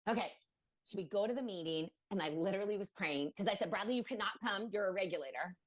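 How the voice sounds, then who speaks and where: Woman guest on a podcast, middle pitch voice, chatty and animated, keeps acting out what people said with lots of "like". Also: fast talker. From Maryland, USA. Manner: animated, acts out quoted voices, many fillers. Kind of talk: casual storytelling interview.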